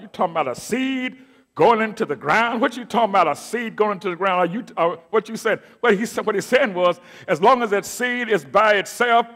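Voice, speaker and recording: A middle-aged man preaching a sermon as pastor, moving from quiet asides to loud declaimed scripture and calling out to his congregation. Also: high-pitched. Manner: call-and-response preaching, swings from soft asides to loud declaiming. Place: church sanctuary.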